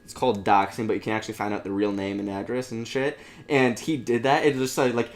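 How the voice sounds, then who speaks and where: A young man co-hosting a casual gaming podcast, with a voice of middling pitch. He tells stories in a rambling way, restarts often and acts out the people he quotes. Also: steady tone, fairly quick. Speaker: podcast co-host.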